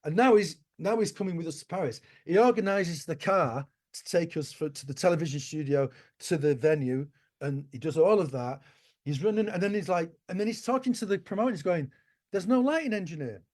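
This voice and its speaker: A man in his sixties, a musician guest telling stories in an interview, animated and swearing casually. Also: fairly high pitch, a little fast. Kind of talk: anecdotal interview storytelling.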